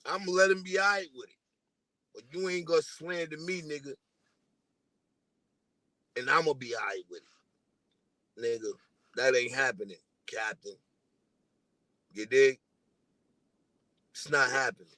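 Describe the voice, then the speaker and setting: A man's voice: on the high side, unhurried, pauses often, bright, forceful tone, no echo. A man from New delivering a casual, profane diss rant at a rival, taunting and repeating himself.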